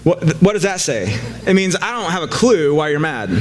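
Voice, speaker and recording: A man's voice: fairly high pitch, very animated, moderate pace, crowd noise. A man preaching a casual sermon to a live congregation, joking and conversational, with frequent fillers and restarts.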